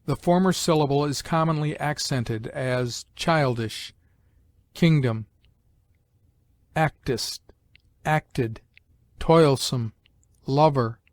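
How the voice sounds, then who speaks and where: A man reads an old grammar text aloud, taking it slowly with measured pauses between phrases. His voice sits a little high for a man. The recording is dry and close, with no room sound. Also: no room sound. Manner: slow, measured recitation with pauses. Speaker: reader.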